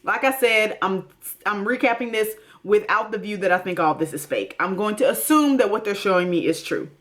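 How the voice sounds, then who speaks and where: Talking a little fast with lively intonation, a woman with a mid-range, fairly bright voice hosts a TV recap. Her casual commentary comes across as blunt and emphatic, aimed directly at her audience.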